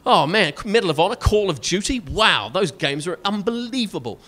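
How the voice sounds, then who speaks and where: Scottish guy doing standup, a bit high-voiced, sarcastic, keeps going right?. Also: very animated, moderate pace, a bit bright. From Scotland. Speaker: stand-up comedian. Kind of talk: stand-up comedy.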